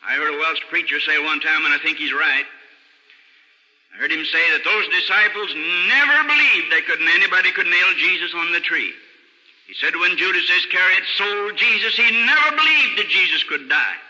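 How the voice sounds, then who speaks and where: An older man preaching a sermon, telling the story earnestly and dropping low and soft for sad passages, on an old radio recording. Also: moderate pace. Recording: old radio broadcast recording with long hall reverb.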